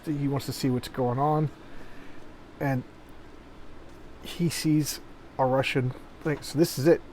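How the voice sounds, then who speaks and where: A man's voice: mid-range voice, darkish tone, rough recording. A man casually walking through the panels of a comic book, rambling and repeating himself as he retells the pages, with a fan running in the room. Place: hot room with a noisy fan. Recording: faint fan noise behind.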